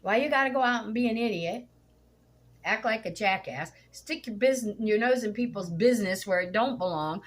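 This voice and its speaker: A woman's voice: medium pitch, a little fast. Blunt, indignant middle-aged woman vlogger. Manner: blunt, indignant, swears freely. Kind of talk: casual storytelling vlog while cooking.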